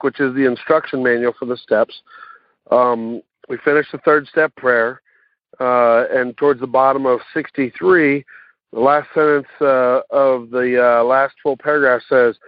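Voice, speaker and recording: A man giving a personal recovery share, talking haltingly with many fillers and restarts. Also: medium pitch, no echo. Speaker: recovery meeting speaker. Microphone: phone call. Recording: tinny phone line.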